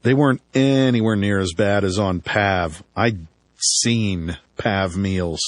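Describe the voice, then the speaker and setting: A man's voice: fairly low pitch, takes it slowly, no room sound. A man reading an audiobook in first person, with a dry, wry storytelling manner. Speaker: audiobook narrator.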